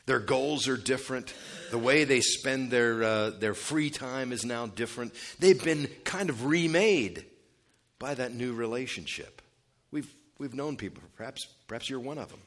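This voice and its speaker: A man's voice: mid-range voice, moderate pace, fairly bright tone. A man preaching an expository sermon as pastor, conversational with asides, leaning hard on key words as his voice rises and drops. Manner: emphatic, rising and dropping for stress.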